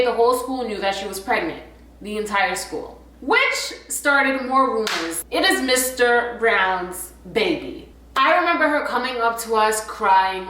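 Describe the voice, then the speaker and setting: Animated young woman telling a story in an echoey room. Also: a little high. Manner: animated, slangy, swears freely. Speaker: vlogger. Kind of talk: casual storytime. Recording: echoey room, a bit far from the mic.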